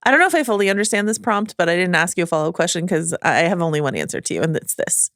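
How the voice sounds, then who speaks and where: A woman co-hosting a casual pop-culture podcast, making wry jokes and quick asides. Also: on the low side, expressive, fairly bright tone, no echo, clean studio sound. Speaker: podcast co-host.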